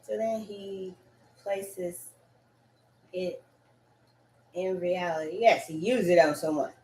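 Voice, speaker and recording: A woman talking in a rambling solo monologue, breaking into sing-song chants and sudden loud cursing outbursts. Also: on the low side, takes it slowly, long pauses, reverberant, slight background noise.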